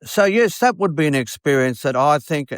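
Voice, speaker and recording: A man, a radio host telling a story in an earnest, unhurried way, with many fillers. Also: on the high side, animated, no echo, studio quality. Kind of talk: storytelling monologue.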